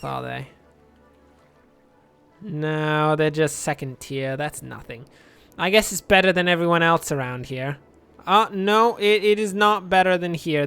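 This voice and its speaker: Self-deprecating and dry, this man rambles casually while playing a city-building game for a let's play. His fairly high voice has vocal fry and a somewhat bright, clear, resonant tone.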